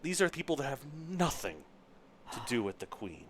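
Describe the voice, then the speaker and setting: Lively-pitched man hosting a casual podcast. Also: normal speed, slight background noise. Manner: joking, rambling, laughs often, tries on accents. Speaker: podcast host. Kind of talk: casual chat.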